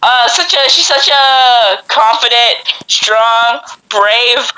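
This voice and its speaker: A young woman in casual game voice chat, excitable and teasing. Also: fairly high pitch, takes it slowly, slight background noise, low-quality recording.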